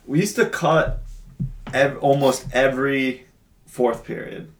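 Gravelly man chiming in from off-mic. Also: medium pitch, takes it slowly, far from the mic. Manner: reacts with short interjections and laughs. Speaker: podcast co-host. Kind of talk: casual chat.

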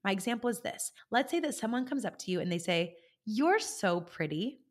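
A woman's voice: a little high, fast talker. Chatty woman coaching podcast listeners. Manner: animated storyteller, checks in with listeners. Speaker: podcast host and life coach. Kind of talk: conversational coaching monologue.

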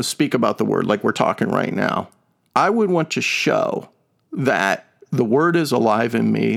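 A man's voice: mid-range voice, gravelly. A man co-hosting a Bible discussion podcast, talking conversationally and emphatically, with many fillers and musical analogies. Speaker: podcast co-host teaching on scripture.

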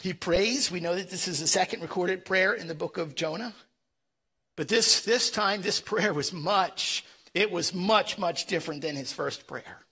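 A man's voice: high voice, normal speed, sharp tone, breathy edge. A man preaching a sermon, emphatic and repeating words as he presses his points. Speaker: pastor.

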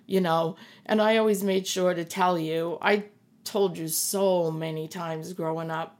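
A middle-aged woman, a podcast guest who is the host's mother, speaks earnestly and reassuringly in an emotional conversation, often repeating herself for emphasis. Her fairly low voice is steady and a little mellow, at a measured pace.

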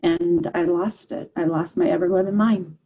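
A woman telling her personal story as an interview guest, earnest and halting, with many fillers and restarts. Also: fairly low pitch, steady tone, dark tone, low-quality recording. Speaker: guest, parent.

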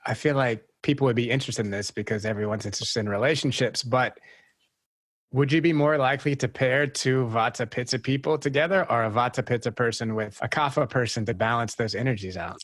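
A man's voice: mid-range voice, brisk, a bit bright, dry recording. A man hosting a podcast, easygoing and answering questions thoughtfully in casual conversation. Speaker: podcast host.

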